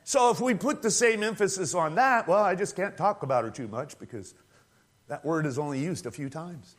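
A man preaching a sermon, conversational and animated, acting out quoted voices and rising to shouts at climaxes. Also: sits high, normal speed.

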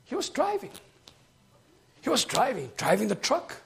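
A man preaching a sermon. He tells a story and then builds to shouted, rhythmic preaching. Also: very high-pitched, wildly swooping pitch, normal speed, gravelly.

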